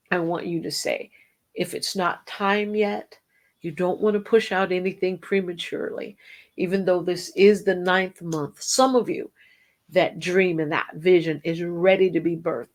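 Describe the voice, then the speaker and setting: A middle-aged woman delivers a devotional message at an unhurried, deliberate pace. She speaks earnestly to her listeners and now and then slips into singing a line or two of a hymn. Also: on the low side. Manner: slow, earnest, sings snatches of hymns. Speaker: host and Christian singer. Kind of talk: devotional teaching.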